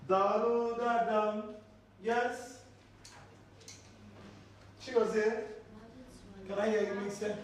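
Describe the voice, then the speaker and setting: A man's voice: high voice, little pitch movement, takes it slowly, pauses often. A man teaching a children's language lesson, patiently drilling words through repetition and questions. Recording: very echoey room, voice from far off.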